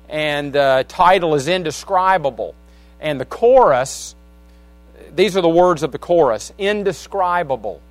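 Into a wireless handheld mic, a male pastor with a slightly high voice delivers a midweek sermon in the church sanctuary, with no echo audible. He alternates scripture reading with folksy remarks to the congregation.

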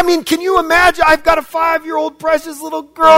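A man from the United States preaching a sermon in a very high voice. He is animated, dropping to quiet asides and then rising to loud shouts. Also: a little fast, few pauses.

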